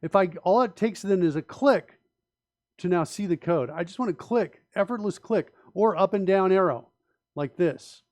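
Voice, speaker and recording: A man's voice: high voice, animated, normal speed, darkish tone, no echo. A man hosting a live coding stream, thinking aloud in an emphatic, opinionated way with frequent restarts and rhetorical questions. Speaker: host and software developer.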